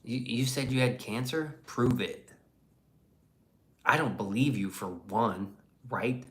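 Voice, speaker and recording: A man's voice: mid-range voice, slow, fairly bright tone. A man hosting a casual livestream and reading the chat aloud, in a blunt, profane and rambling way.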